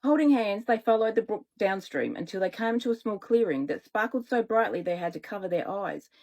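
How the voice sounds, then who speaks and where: A woman children's author reading her own story aloud, relaxed and unhurried. She stops to fix small slips and carries on in her ordinary middle voice. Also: mid-range voice, rough recording. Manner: relaxed, self-correcting.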